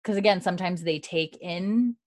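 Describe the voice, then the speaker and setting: A young woman with a lowish, slightly mellow voice co-hosts a podcast, recapping a TV episode at a moderate pace. She retells it animatedly, acting out the characters' lines and dropping "like" constantly in this casual chat.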